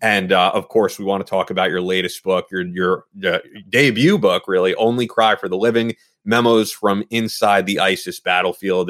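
A male podcast host with a somewhat low voice reads a sponsor spot and introduces his guest. His delivery is clear and measured. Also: fairly even intonation, fairly bright tone, dry recording, clean studio sound.

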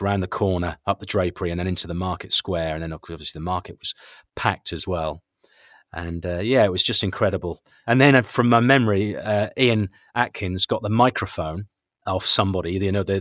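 A man, a former radio commentator, reminiscing in a relaxed interview with chuckles and frequent self-corrections. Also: fairly low pitch, no echo, clean studio sound.

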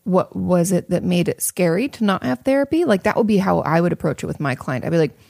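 Gravelly-voiced woman giving therapy advice. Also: fairly low pitch, lively intonation, fast talker, darkish tone, dry recording, studio quality. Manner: chatty, reassuring, many fillers and restarts. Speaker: therapist answering audience questions. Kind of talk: casual advice talk.

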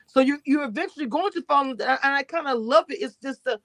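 A woman from Louisiana co-hosting a casual live recap chat, talking in an animated, emphatic way. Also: high-pitched, quick pace, no echo. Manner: animated, emphatic, talks over others. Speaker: co-host.

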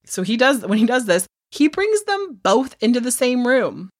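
A woman co-hosting a casual true crime podcast, telling the case in an animated way, swearing freely and acting out what people said. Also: fairly high pitch, moderate pace, no room sound, clean studio sound. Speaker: podcast co-host.

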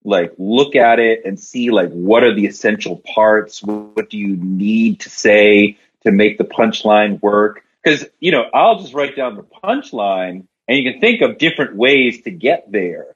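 A man, a podcast guest and writer, telling long story jokes in casual talk and voicing the characters with big jumps in pitch. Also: lively intonation, measured pace, few pauses, slightly rough, muffled recording.

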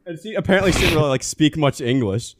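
A man's voice: a little high, lively intonation, fast talker, a little hiss or hum. A young man telling a story to friends in a laid-back, profane way. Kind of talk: casual storytelling chat.

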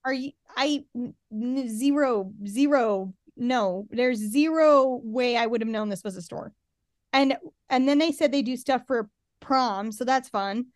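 High chatty woman recapping tv, sarcastic, super dry close sound. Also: unhurried, no room sound. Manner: chatty, sarcastic, acts out quotes. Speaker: podcast co-host. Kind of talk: casual chat recapping a reality show.

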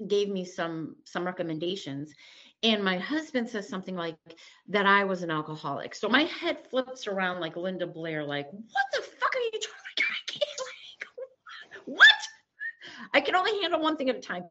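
A woman's voice: mid-range voice, a bit bright, lo-fi sound. A middle-aged woman telling her own recovery story as an interview guest, candid and blunt, acting out past conversations and swearing freely.

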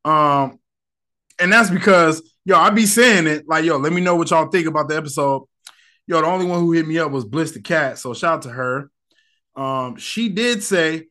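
A young man hosting his own podcast, chatting loosely and candidly in slang. His voice sits a little high for a man, and he rambles from one thought to the next as he talks into his mic. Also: lively intonation, normal speed, pushed and bright. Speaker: podcast host. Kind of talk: casual solo podcast chat.

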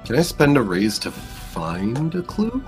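A man playing a tabletop game, expressive and quick to exclaim. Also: mid-range voice, soft background music. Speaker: player.

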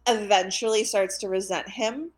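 A woman's voice: medium pitch, fairly even intonation, normal speed. A woman co-hosting a casual film podcast, blunt and sarcastic, swearing freely. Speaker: podcast co-host. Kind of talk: casual movie discussion.

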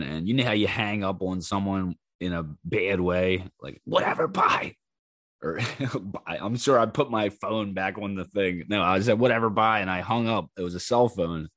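A man with a fairly low voice tells rowdy stories of his own on his podcast. He acts out every quoted line, jumping up loud for the shouting parts. He curses freely and keeps laughing at himself, recorded dry and close with no room sound. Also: no echo. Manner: animated, acts out quoted lines in raised voices. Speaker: podcast host. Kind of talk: casual storytelling monologue.

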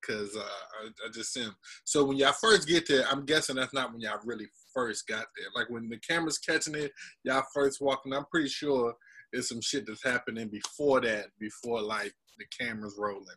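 A man hosting a relaxed conversation, asking curious questions in a laid-back way. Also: medium pitch, moderate pace, husky, rough recording. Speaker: podcast host. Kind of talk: casual conversation.

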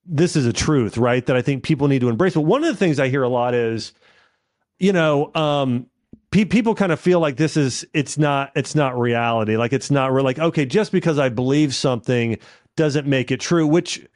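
A man hosting a podcast interview, affirming his guest and thinking out loud as he talks. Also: medium pitch, normal speed, no echo, clean studio sound. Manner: affirming, thinks aloud with restarts. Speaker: podcast host. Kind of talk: interview conversation.

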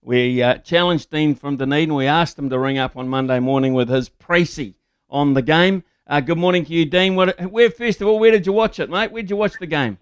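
A man's voice: a little high, fairly quick, clear, resonant tone, no echo, clean studio sound. A man hosting a talkback radio show, jovial and matey with his callers. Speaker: radio host.

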